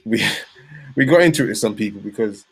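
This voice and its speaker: A man with a London accent, hosting a podcast and telling stories in a relaxed, casual way. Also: on the low side, fairly quick, gravelly, slightly rough. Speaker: podcast host.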